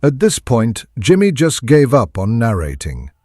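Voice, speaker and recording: A man's voice: mid-range voice, wildly swooping pitch, unhurried, darkish tone, dry recording. A man putting on a chirpy stand-in narrator voice, heard from away from the mic.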